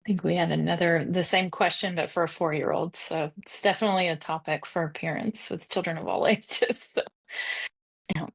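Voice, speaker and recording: A woman's voice: fairly low pitch, steady tone, moderate pace, vocal fry. A woman facilitating a parent group on a video call, keeping things light and upbeat as she moderates. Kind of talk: casual meeting moderation.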